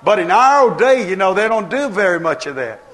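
A man's voice: high-pitched, big pitch swings, moderate pace, fairly bright tone. A man preaching a sermon, building emphatic points with rhetorical questions and voiced quotes.

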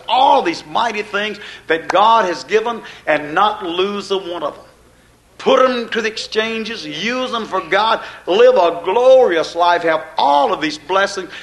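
A man preaching a sermon, repeating phrases in a rhythmic build and swelling to loud emphasis. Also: high voice.

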